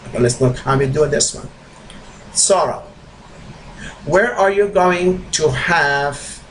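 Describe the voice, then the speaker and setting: A male English teacher explaining grammar step by step, slow and repetitive, with non-native slips in his phrasing. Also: medium pitch, slight background noise, rough recording. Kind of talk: grammar lesson.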